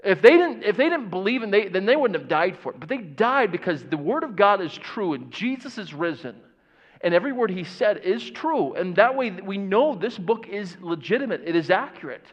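A fairly high-voiced man preaches a lively sermon, questioning his listeners and slipping into mock voices of confused doubters. The church recording sounds dull and muffled. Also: normal speed, in a large hall. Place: church sanctuary.

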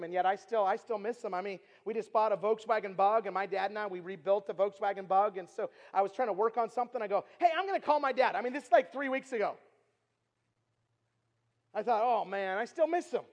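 A middle-aged man giving an earnest storytelling sermon as a youth speaker, repeating himself and dropping from loud to hushed. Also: high voice. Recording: long reverb of a large hall.

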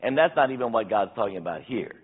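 A pastor in his sixties preaching a sermon, earnest and emphatic, slowing down when he reads scripture. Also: lowish voice, animated, husky. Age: 60s. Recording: tinny phone-like sound.

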